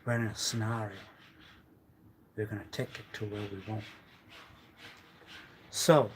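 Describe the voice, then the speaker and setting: This livestreamer's voice sits fairly low and moves slowly, with long pauses and a slightly rough texture. His monologue is rambling and theatrical, full of rhetorical questions and menacing threats, swinging between quiet muttering and loud outbursts.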